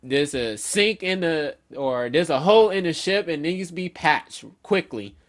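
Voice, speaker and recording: A man walks through a manga chapter in a loose, rambling way, with fillers and casual swearing. His voice sits fairly high, and he takes his time. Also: a little slow. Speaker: manga reviewer.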